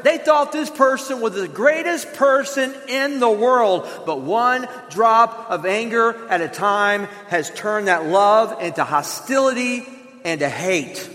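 Male pastor, high bright voice, earnest sermon delivery, large reverberant hall. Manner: earnest, conversational preaching with acted examples.

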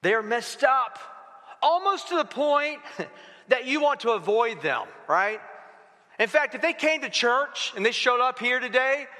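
Animated man preaching in a reverberant hall. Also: extremely high pitch, measured pace. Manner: storytelling, animated, acts out dialogue. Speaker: pastor. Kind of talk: sermon. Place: church sanctuary.

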